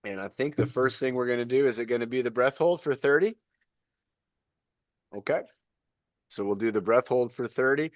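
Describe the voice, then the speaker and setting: A man's voice: mid-range voice, moderate pace, long pauses, no room sound, clean studio sound. A man coaching a live online fitness class over a video call, chatty and encouraging.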